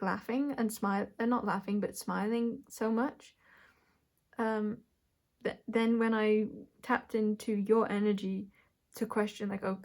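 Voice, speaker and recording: Giving an intuitive tarot reading, a woman with a mid-pitched voice thinks aloud in a searching way, pausing to rephrase and correct herself and letting out small, soft laughs. Her pace is unhurried and reflective.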